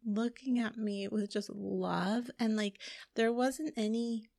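A woman's voice: a little high, steady tone, takes it slowly, vocal fry, dark tone, no echo, clean studio sound. A middle-aged woman co-hosting a podcast, chatting casually and rambling, with many "like"s and laughs. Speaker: podcast co-host. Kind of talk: casual chat.

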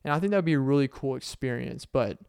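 A man's voice: medium pitch, fast, creaky, darkish tone, smooth, no echo, studio quality. A young man with a Southern accent hosting a solo podcast, earnest and rambling, with many ums and uhs. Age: young adult. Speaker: podcast host and stand-up comedian. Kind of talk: casual solo podcast talk. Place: corner of a warm room.

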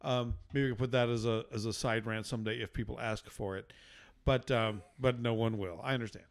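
A man co-hosting a relaxed podcast, quick with a joke at his own expense. His sentences often stall and restart as he talks. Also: medium pitch. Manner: joking, self-deprecating, halting. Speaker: podcast co-host. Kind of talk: casual banter.

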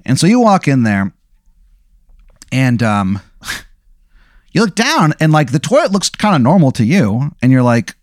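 A man's voice: medium pitch, big pitch swings, measured pace, long pauses, dry recording, studio quality. A man hosting a podcast, improvising a comic story in a rambling way, full of fillers. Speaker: podcast host.

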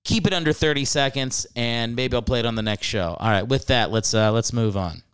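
A man's voice: mid-range voice, a little fast, a bit bright, smooth, no echo, studio quality. A young adult man hosting a casual comedic podcast, rambling with irreverent, profane asides. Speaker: podcast host.

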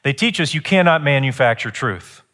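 A man preaching a sermon, retelling a scripture story with lively, animated delivery and acted-out quotes. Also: moderate pace, long reverb tail. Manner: animated storytelling, acts out quotes with rising pitch. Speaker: pastor.

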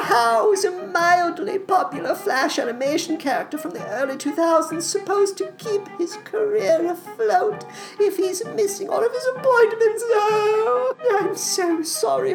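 A man's voice: extremely high pitch, pitched above the performer's own voice, poor audio. A man voicing a weepy, creepy male oddball with celery-stalk fingers, pleading through sobs in a comedy ad. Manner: whimpering, sobbing, fragile pleading. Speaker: podcast host voicing a sponsor ad.

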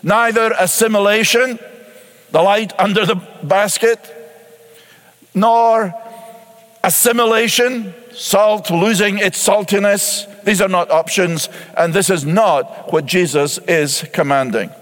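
A man's voice: sits high, slow pace, fairly bright tone, big-room sound. A man pastor preaching a sermon emphatically, repeating key words and asking rhetorical questions.

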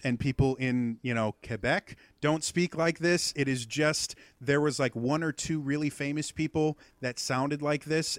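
Man, podcast guest, casual explainer, halting with fillers, dry sound. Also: mid-range voice, no room sound. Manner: rambling explanations full of ums and uhs. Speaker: podcast guest teaching accents.

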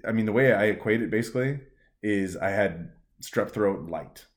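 A man's voice: lowish voice, moderate pace. Podcast co-host, young adult man, loose and sarcastic delivery with frequent swearing. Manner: rambling, profane, sarcastic. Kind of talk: casual chat.

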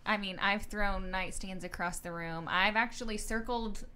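A woman's voice: medium pitch, moderate pace, pushed and bright, a little hiss or hum. A woman guest on a podcast, chatting casually and laughing at her own stories. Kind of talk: casual chat.

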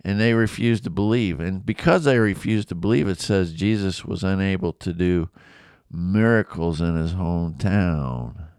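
A man's voice: sits low, moderate pace, a little mellow, clean tone, no echo, studio quality. A man giving a casual, conversational Bible lesson, acting out the people in the story. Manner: conversational, acts out quoted voices. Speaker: Bible teacher.

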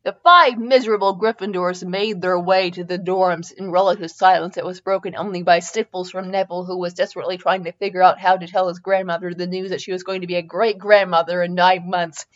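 A woman's voice: lowish voice, steady tone, a little fast, hardly any pauses, dull audio. A woman hosting a podcast, reading fan fiction aloud in an amused way, with small stumbles. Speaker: podcast host.

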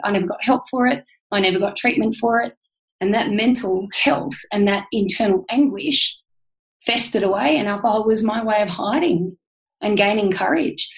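A woman with an Australian accent and a medium-pitched voice appears as a podcast guest, speaking candidly in an earnest, heartfelt and emphatic manner. The recording quality is low.

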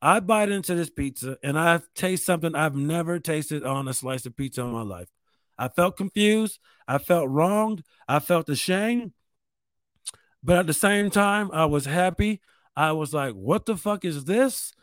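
High-voiced, profane, rambling man. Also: animated, unhurried, fairly bright tone, dry recording. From New York State. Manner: rambling, profane, self-mocking. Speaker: podcast host. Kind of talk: casual monologue.

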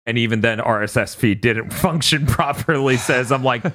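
A man's voice: medium pitch, normal speed, a bit bright. A man hosting a casual podcast, talking loosely and swearing, acting out exchanges in mock voices. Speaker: podcast host.

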